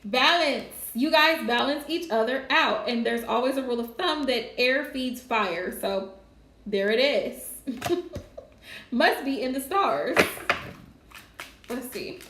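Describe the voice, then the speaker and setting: A woman's voice: fairly high pitch, expressive, slow, long pauses, fairly bright tone, echoey room. A woman doing a live tarot reading, chatty and casual, laughing often. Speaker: tarot reader.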